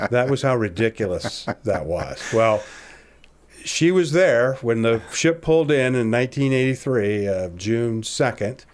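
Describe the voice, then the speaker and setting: A man around sixty from Ohio, a podcast guest telling a personal story in a casual, animated way, acting out the dialogue and laughing at himself. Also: mid-range voice, a little slow.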